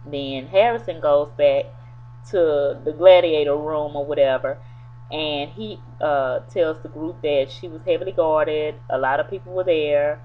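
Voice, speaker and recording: A woman's voice: sits low, unhurried. A woman casually retelling a TV episode in a loose, rambling way, full of fillers. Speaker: TV episode reviewer. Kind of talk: casual spoken episode recap. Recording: tinny phone-like sound with faint hum.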